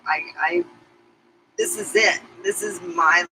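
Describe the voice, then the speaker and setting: A middle-aged woman speaks straight to her viewers in a confessional vlog. Her voice is sharp and very bright. She rambles candidly and emotionally, with casual swearing. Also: on the low side, fairly even intonation, slow, a little hiss or hum, low-quality recording. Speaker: vlogger.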